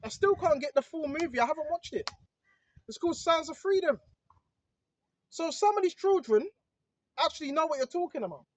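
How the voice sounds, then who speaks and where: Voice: high voice, lively intonation, fairly quick, pauses often. A speaker preaching informally, emphatic and repetitive, checking in with the listener again and again. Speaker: online preacher. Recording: dull lo-fi recording.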